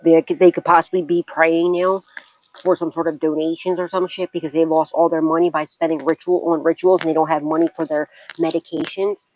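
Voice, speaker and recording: A woman's voice: sits low, little pitch movement, brisk, a little mellow, no echo, rough recording. A woman giving a tarot reading to her viewers. She talks bluntly and swears often, laughs a lot, and keeps repeating reassurances. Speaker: tarot reader and psychic.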